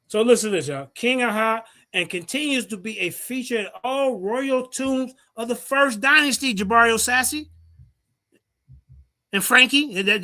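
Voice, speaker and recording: Man, high and lively voice, cocky debate-stream host on a heated rant. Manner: brash, profane, mocking, reads out sources. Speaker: livestream host.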